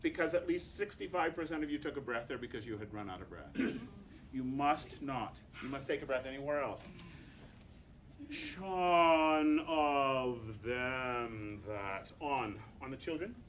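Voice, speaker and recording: A man conducting a choir rehearsal, coaching singers with animated, demonstrative instructions and bursts of sung examples. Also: mid-range voice, fairly quick, a little hiss or hum.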